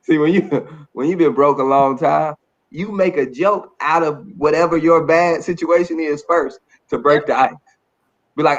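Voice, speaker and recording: A man's voice: fairly high pitch, moderate pace. A man co-hosting a podcast, teasing a friend in jokey banter. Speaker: podcast co-host. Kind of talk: casual chat. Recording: muffled, slightly dull sound.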